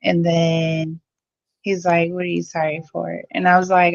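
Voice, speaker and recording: A woman's voice: on the low side, level tone, measured pace, vocal fry. A woman calling in to a live stream, arguing her side in a heated casual debate, blunt and sassy, swearing freely. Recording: dull lo-fi audio.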